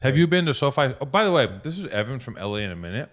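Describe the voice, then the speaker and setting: Racing along in a mid-range voice, a man hosting a podcast tells profane, animated stories in casual conversation, performing the quoted lines himself.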